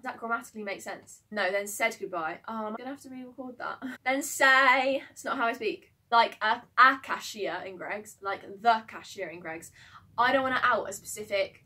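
Chatty, excitable young woman. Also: fairly high pitch. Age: young adult. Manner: chatty, excitable, swears a lot, rambling asides. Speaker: singer-songwriter. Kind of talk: casual vlog chat. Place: at home.

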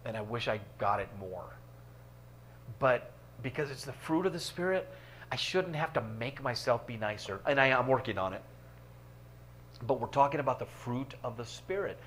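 A man pastor leads a book study in a church room, mixing casual asides and jokes with passages he reads out. His voice sits at an ordinary middle pitch. A faint hum runs under the recording. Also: lively intonation, moderate pace, long pauses, a bit bright. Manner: conversational, joking asides, reads passages aloud.

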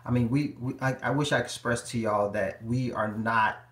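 A man's voice: medium pitch, steady tone, moderate pace, a bit bright, roomy sound. A man, a relationship life coach, giving emphatic, repetitive advice straight to his viewers on a live stream.

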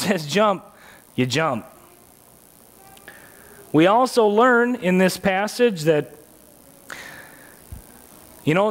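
A man with a notably high voice delivers a sermon in a church. He keeps it conversational, joking with his listeners and putting rhetorical questions to them. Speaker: pastor.

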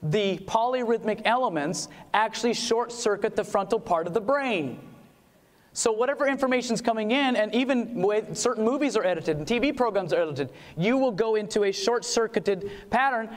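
Man, high voice, seminar lecture, asks the crowd questions, long hall echo. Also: moderate pace. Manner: animated, asks the audience questions, sings short demos. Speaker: speaker at a music seminar. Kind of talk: lively seminar lecture with sung examples.

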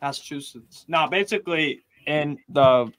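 A man's voice: fairly high pitch, unhurried, a bit bright. A man from New England co-hosting a football watchalong, casual and laid-back, swearing freely. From New England, USA. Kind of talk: casual live commentary chat.

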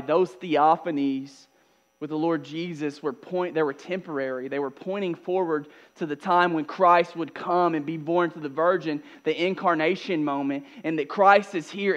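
Pastor, man, fairly high voice, preaching loud then hushed, faint mains hum. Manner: swings from loud emphatic preaching to soft, hushed asides. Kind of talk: sermon. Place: church.

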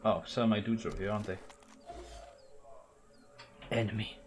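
A man's voice: fairly low pitch, fairly even intonation, very fast, soft background music. A young man streaming a video game, joking, swearing and chatting to his viewers. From Wales. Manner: sweary, joking, talks to chat. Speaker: gaming streamer. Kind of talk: casual let's-play commentary.

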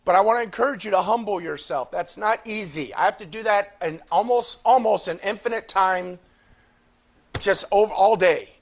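Man, pastor, Bible study sermon, high voice, fervent, pleading. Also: moderate pace. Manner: rises into fervent shouted pleading, then drops low.

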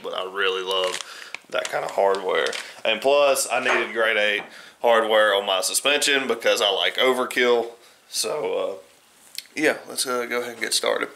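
Over background noise, a man with a fairly low pitch gives a casual vlog about working on his truck himself, speaking from inside his house. Just woken up and groggy, he rambles loosely, full of ums and uhs.

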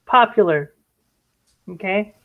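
A woman hosts a live stream in a relaxed, chatty way, guiding everyone from one topic to the next. Her pitch sits in an ordinary middle range. The recording is dull and lo-fi, with the highs cut off. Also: slow pace. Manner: chatty, leads the group with frequent "all right"s. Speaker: stream host. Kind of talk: casual live-stream chat.

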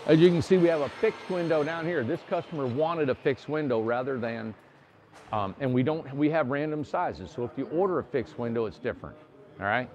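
A man's voice: mid-range voice, brisk, crowd noise. A man building tiny homes, casually teaching window trim step by step in his shop, wearing a clip-on mic. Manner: chatty, joking, explains step by step. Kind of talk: casual hands-on tutorial.

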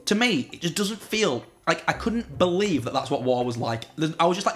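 A man's voice: on the high side, very animated, fairly bright tone. Chatty, opinionated man. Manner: chatty, opinionated, quick to joke. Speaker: film review co-host. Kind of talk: casual film discussion.

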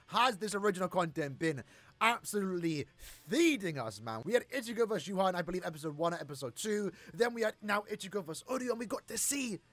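A man hosting an anime reaction video, reacting loudly with shouts and drawn-out cries, then recapping in a calmer, rambling way. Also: high voice, dry recording. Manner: hyped, shouts and stretches out words in dismay. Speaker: anime reaction channel host. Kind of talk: excited anime reaction commentary.

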